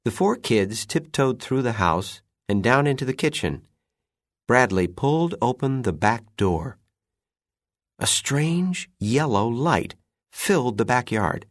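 A man narrating a children's story in an unhurried, expressive reading. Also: mid-range voice, no echo, studio quality.

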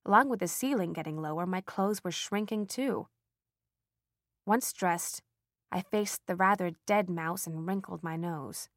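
A woman reading a first-person story aloud as an audiobook narrator, with lively, expressive emphasis. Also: on the low side, measured pace, no echo, studio quality.

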